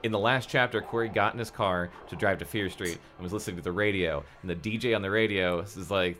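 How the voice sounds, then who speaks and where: A man's voice: sits low, fast, few pauses, pushed and bright, a little hiss or hum. A man co-hosting a casual book podcast, rambling with fillers, then reading chapters aloud. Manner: rambling, many fillers and restarts.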